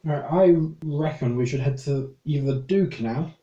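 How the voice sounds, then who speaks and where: A man playing a tabletop game, speaking in a halting way and stumbling over his words. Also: a little high, lo-fi sound. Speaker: player. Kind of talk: casual chat at a game table. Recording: echoey room with faint noise.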